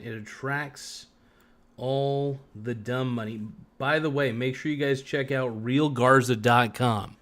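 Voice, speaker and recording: A man talking into a desk mic on a casual livestream, in a mid-pitched voice. He jokes and rambles, drags some words out slowly, then breaks into loud bursts. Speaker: livestream host.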